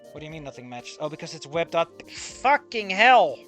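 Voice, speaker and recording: A streamer with a creaky voice offers casual live commentary on a fan comic. Excitable and swearing, they lurch from loud outbursts to quiet muttering.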